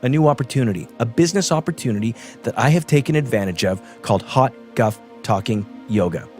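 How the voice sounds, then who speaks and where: A middle-aged man hosting a show, delivering a self-absorbed comedic monologue that builds into excited outbursts. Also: medium pitch, quick pace, soft background music. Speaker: podcast host.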